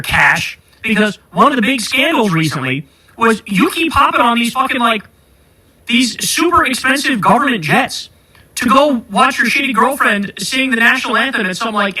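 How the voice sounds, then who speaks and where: A man's voice: extremely high pitch, bright, forceful tone, slightly rough, rough recording. A man hosting a podcast, ranting about politics in a heated, sarcastic and profane way. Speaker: podcast host.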